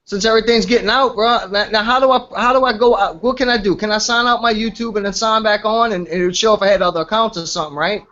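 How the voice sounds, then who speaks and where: A man's voice: sits high, steady tone, fast talker, few pauses, pushed and bright. A man hosting a casual livestream, hurriedly digging through old comments to show others, over lo-fi audio.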